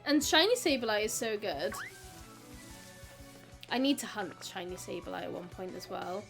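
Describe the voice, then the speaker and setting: A woman's voice: medium pitch, lively intonation, measured pace, creaky, fairly bright tone, soft background music. A young Welsh woman from South Wales chatting casually with her live stream audience, giggly and full of "like".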